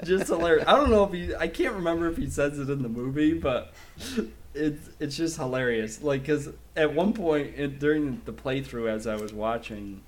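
A man's voice: fairly high pitch, normal speed, a little hiss or hum. A man chatting casually on a podcast, laughing often and mimicking voices as he talks. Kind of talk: casual chat.

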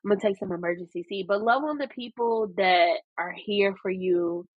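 A woman with a husky, slightly breathy voice, chatting candidly on a podcast. The sound is dry and close, with a slightly muffled, lo-fi quality. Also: mid-range voice, normal speed, no room sound. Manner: candid, heartfelt storytelling with filler words. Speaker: podcast co-host. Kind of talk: casual podcast chat.

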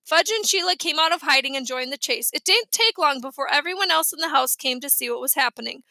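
A woman reading a children's chapter book aloud with lively, expressive storytelling. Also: high-pitched, fast talker, vocal fry, no room sound. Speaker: audiobook reader. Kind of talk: storybook narration.

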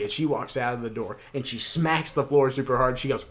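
A young man in casual chat, telling a wild dream in an animated way, acting out the voices and swearing freely. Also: medium pitch, brisk, hardly any pauses. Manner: animated storyteller, acts out quotes, swears freely.

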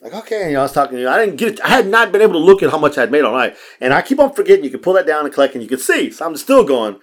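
A man hosting a casual podcast, telling stories in an animated way, acting out the voices of people he quotes and swearing freely. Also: a little high, rapid-fire. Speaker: podcast host. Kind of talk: casual storytelling chat.

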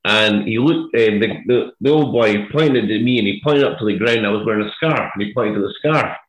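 A man's voice: fairly low pitch, a little fast. A Scottish man in casual podcast chat, telling an anecdote with many hesitant fillers. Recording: roomy echo.

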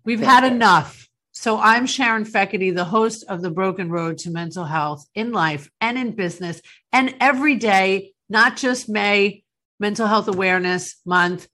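A woman hosts a casual podcast chat with a bright, forward voice. She talks in a fervent, emphatic way and gets emotional. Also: mid-range voice, moderate pace. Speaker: podcast host.

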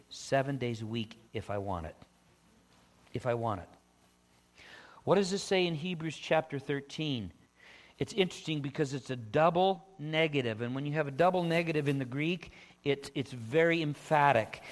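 A man preaching a sermon, stressing words for emphasis and talking to his listeners in casual asides between scripture readings. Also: on the high side. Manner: conversational asides to the congregation. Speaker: pastor.

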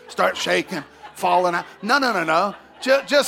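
A male pastor preaching a sermon, telling a story with animated swings from hushed asides to shouts. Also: very high voice, moderate pace, creaky, soft background music.

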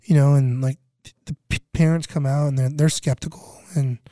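A man's voice: on the high side, steady tone, brisk, dark tone, dry recording, studio quality. A middle-aged man from California telling a story in casual chat, rambling and repeating himself, acting out other people's voices. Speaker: guest recounting flood relief work.

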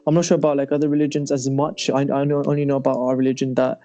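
A man's voice: mid-range voice, little pitch movement, racing, warm tone. A young man hosting a podcast, casually telling a personal story with lots of animation and laughter. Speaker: podcast host. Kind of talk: casual chat.

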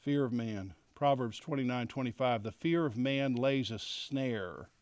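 A middle-aged man teaching a Bible lesson to men, animated and acting out quoted lines. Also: mid-range voice, a little slow, no room sound. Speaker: men's leadership teacher.

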